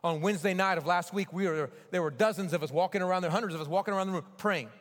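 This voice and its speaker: A pastor giving a sermon and altar call, swinging between loud urging and hushed pleading. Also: male voice, sits high, very fast. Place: large church sanctuary. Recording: long hall reverb with faint music.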